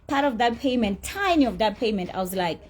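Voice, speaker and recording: Woman, raised pitch, husky tone; candid celebrity monologue, indignant and profane. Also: expressive, a little fast. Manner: blunt, indignant storytelling with profanity; emphatic repetition. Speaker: celebrity telling her side of a dispute.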